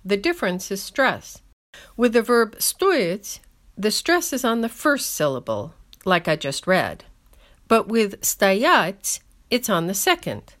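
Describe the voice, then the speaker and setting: A woman's voice: mid-range voice, very animated, unhurried, fairly bright tone. A woman hosting a scripted language lesson with wry, dry humor, speaking English as her first language. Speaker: language column host.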